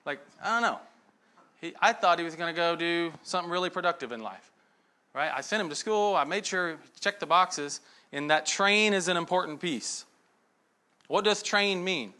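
A middle-aged man preaching in a loose, conversational way, spinning a story and tossing in quick asides to the listeners. His voice sits a little high and sounds bright and forceful. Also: expressive. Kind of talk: sermon.

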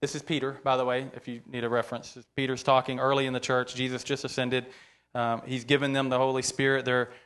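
A man's voice: mid-range voice, flat delivery, quick pace, a bit bright, clear, resonant tone. A man teaching from the Bible to a church group in an informal, conversational way, often checking in with "right?" and speaking earnestly and openly about his feelings.

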